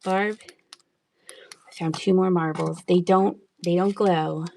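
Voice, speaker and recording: A woman's voice: fairly low pitch, steady tone, takes it slowly, gravelly, mellow. A middle-aged woman chatting casually while selling items in a live online auction, laughing often and sometimes dropping to a near-whisper. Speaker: livestream seller.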